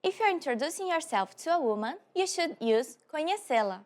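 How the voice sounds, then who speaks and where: A high-pitched woman hosts a short scripted language lesson with an upbeat manner. She slows down when repeating phrases so learners can follow. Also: big pitch swings.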